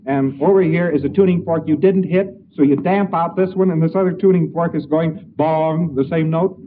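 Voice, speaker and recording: A man on a narrow, tinny archival recording, heard from some distance off the mic with a faint hiss underneath. He lectures in a folksy, anecdotal way and slips into acting out both sides of short conversations. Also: on the high side. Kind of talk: informal lecture to an audience.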